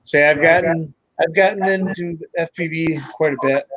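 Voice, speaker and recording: A man's voice: on the high side, steady tone, normal speed, fairly bright tone, no echo, poor audio. A man hosting a live stream, chatting casually, laughing and greeting viewers by name. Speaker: channel host.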